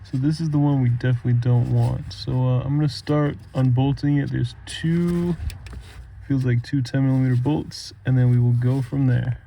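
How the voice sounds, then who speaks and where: A man's voice: mid-range voice, normal speed, creaky, slight background noise. A man casually explaining, step by step, the repairs he is doing on his car while he works in a garage. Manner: relaxed, chatty, explaining step by step. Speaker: car restoration hobbyist vlogger. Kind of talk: casual how-to narration while working on a car.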